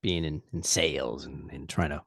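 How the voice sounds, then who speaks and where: A man's voice: rumbling low, steady tone, moderate pace, fairly bright tone, breathy edge, dry recording, studio quality. A man hosting a casual podcast over a video call, easygoing, laughing and swearing. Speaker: podcast host.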